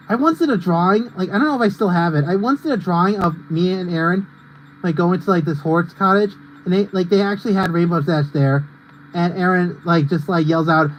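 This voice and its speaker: High-voiced young man ranting while gaming. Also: slight background noise, rough recording. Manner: rambling and ranty, heavy on fillers. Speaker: game streamer. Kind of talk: casual live-stream gameplay commentary.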